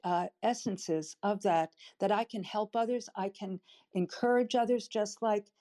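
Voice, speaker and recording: An older woman in an audience, sharing tearfully and haltingly from the heart. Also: medium pitch. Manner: emotional, halting, warm-hearted. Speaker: audience member speaking up. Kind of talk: emotional personal sharing.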